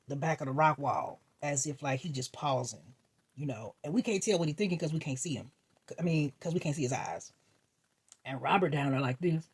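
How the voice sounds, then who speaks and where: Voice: mid-range voice, slightly rough. A vlogger casually telling a funny dream, acting out reactions, laughing often and swearing freely. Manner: animated, acts out voices and reactions, laughs often.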